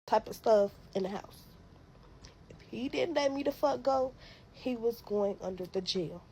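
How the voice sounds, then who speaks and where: A young woman casually telling a dramatic personal story to her viewers, profane and animated, acting out her own shouting. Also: on the high side, a little slow, a little hiss or hum, low-quality recording.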